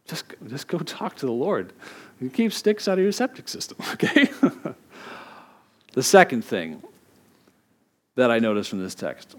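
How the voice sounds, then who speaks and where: A middle-aged man preaches in a relaxed, conversational way. He tells stories with animated quoted voices and frequent laughs, then drops into quieter reflective reading of scripture. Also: medium pitch, a little slow, pauses often. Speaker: pastor. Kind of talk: sermon.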